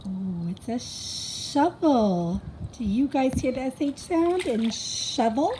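A young woman leads a children's phonics lesson, her voice bright and animated as she sounds out letters slowly. The recording has clear background noise throughout. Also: fairly high pitch. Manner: sing-song, encouraging, sounds out letters. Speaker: teacher.

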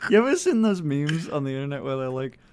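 A young man bantering on a stream, exasperated and laughing. His pitch swings widely as he reacts, and he talks in a loose, casual way. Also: sing-song, fast talker, a little mellow, a little hiss or hum. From England. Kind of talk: casual chat.

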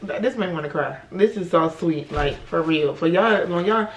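A woman's voice: fairly low pitch, normal speed, highs cut off, a little hiss or hum. A young woman chatting casually and bluntly in a vlog, swearing freely. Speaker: vlogger.

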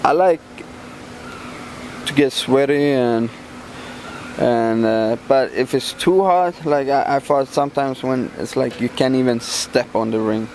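A man from Sweden, a professional fighter, answering interview questions casually in English, halting with many fillers and restarts. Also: mid-range voice, darkish tone, a little hiss or hum. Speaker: MMA fighter, champion.

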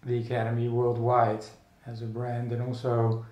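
The sound is lo-fi as a man from the Netherlands speaks in a monotone, mid-range voice. An artist guest in a casual interview, he muses in an echoey room, thoughtful and halting, with many restarts and fillers.

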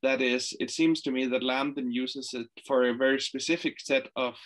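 A man's voice: medium pitch, steady tone, moderate pace. A man in an online class carefully asking the teacher a question. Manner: careful, hesitant phrasing. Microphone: video call.

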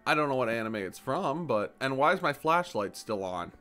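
A man giving casual, animated commentary while playing a store game, jumping to high excited exclamations and mock-polite shopkeeper lines. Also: moderate pace, soft background music. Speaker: gaming YouTuber.

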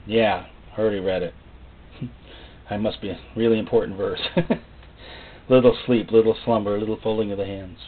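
A man preaching a sermon in a folksy, joking way, acting out little voices and rising suddenly to loud, high outbursts. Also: husky. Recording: tinny phone-like sound.

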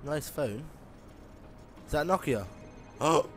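A man's voice: a little high, lively intonation, takes it slowly, slight background noise. A man giving casual, joking commentary while playing a shooter game. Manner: jokey, chatty, rambling asides. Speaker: gameplay commentator. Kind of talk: casual let's-play commentary. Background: game music and sound effects.

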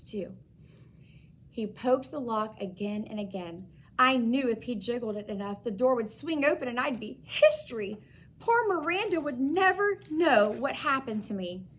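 A woman teacher reading a children's chapter book aloud with expressive, lively storytelling. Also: on the high side, slight background noise.

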